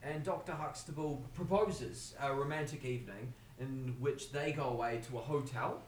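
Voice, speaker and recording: A man's voice: mid-range voice, moderate pace, slight background noise. A man co-hosting a podcast, recapping a TV episode with crude asides. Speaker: podcast co-host. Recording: echoey room, off-mic.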